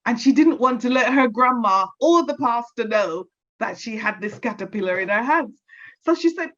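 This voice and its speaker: Lively woman telling a folk tale. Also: on the high side. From Caribbean. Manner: expressive, drawn-out storytelling. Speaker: storyteller. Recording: dull lo-fi recording.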